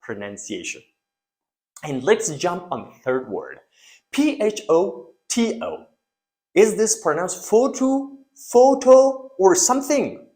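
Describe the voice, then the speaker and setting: A man's voice: fairly high pitch, big pitch swings, slow pace, darkish tone. A young man, not an English speaker, teaching pronunciation and repeating words for drill. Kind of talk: pronunciation lesson.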